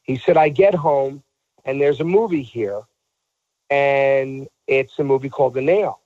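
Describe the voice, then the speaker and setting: A man's voice: medium pitch, a little slow, darkish tone, no room sound, highs cut off. A man telling a story in a casual talk show, acting out the voices of the people he quotes.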